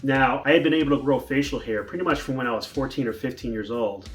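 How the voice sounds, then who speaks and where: A man's voice: mid-range voice, quick pace. A man telling a personal story in a casual vlog, rambling with restarts and fillers. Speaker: vlogger.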